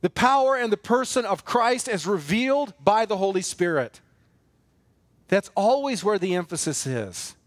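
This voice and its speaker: A man's voice: high-pitched, big pitch swings, normal speed, dry recording. A man preaching a sermon as pastor of a church, earnest and emphatic, building force through repeated phrases and rhetorical questions. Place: church sanctuary.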